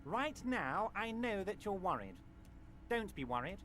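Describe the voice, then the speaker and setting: Slick scheming union boss, patronizing calm, lilting delivery, game VO. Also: male voice, sits high, unhurried, slight background noise, exaggerated voice. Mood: smug reassuring. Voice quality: soothing, overly reassuring, patronizing. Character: smooth, scheming, obese male union boss. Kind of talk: video game voice acting.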